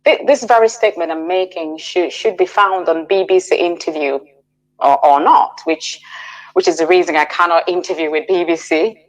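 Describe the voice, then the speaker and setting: On a roughly recorded radio interview, a middle-aged woman speaks as a guest in a lowish voice. Her personal account is measured and hesitant, with frequent fillers and restarts.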